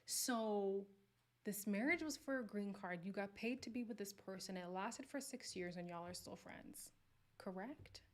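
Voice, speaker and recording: A woman hosting a live recap stream, chatting casually with viewers and reacting with animated exclamations. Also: medium pitch, unhurried.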